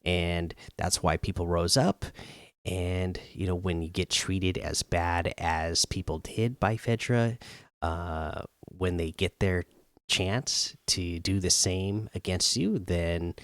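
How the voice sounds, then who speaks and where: A man with a low voice talks through a TV episode in a loose, unscripted recap. He fills his pauses with ums and uhs and chuckles now and then. The sound is dry and close, with no room around it. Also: no echo. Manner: frequent ums and uhs, chuckles while retelling. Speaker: show host reviewing a TV episode. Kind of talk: casual spoken episode recap.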